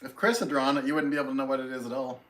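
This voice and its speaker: A man speaks very fast at medium pitch, with little pitch movement and a slightly bright tone, while hosting a relaxed home live stream. He reads viewer comments, greets people by name, and keeps things friendly and self-deprecating.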